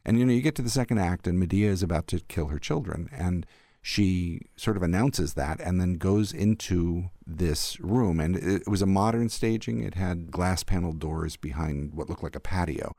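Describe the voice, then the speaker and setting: An older man, an arts critic, recalling theater memories in a thoughtful, animated interview. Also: deep voice, moderate pace, no room sound, clean studio sound. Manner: thoughtful, warmly animated storyteller. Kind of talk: reflective storytelling in an interview.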